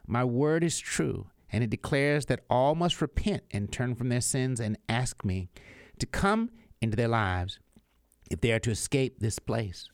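A man reading aloud voicing Jesus as a gentle, solemn grown man, in a calm, measured, earnest way. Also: mid-range voice, dry recording, studio quality, natural voice.

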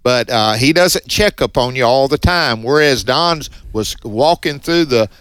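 A man with a strong Mississippi Southern drawl talks in a folksy, upbeat, chatty way on a Christian radio program. His voice sits at an everyday middle pitch. The studio sound is dry and close. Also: animated, unhurried, a bit bright, clean tone, no echo. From Northeast Mississippi, USA. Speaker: radio co-host. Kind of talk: Christian radio fundraiser chat. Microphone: studio microphone.

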